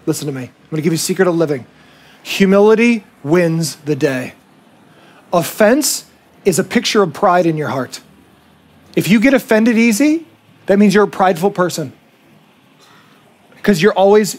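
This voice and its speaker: A male pastor preaching a sermon, animated and acting out the voices he quotes. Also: high-pitched.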